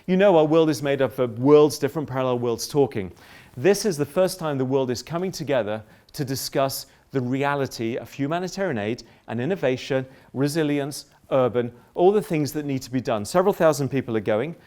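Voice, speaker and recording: A middle-aged man giving a public lecture, polemical and lively, often breaking off into asides and restarts. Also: medium pitch, fairly quick. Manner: animated, polemical, self-interrupting with asides.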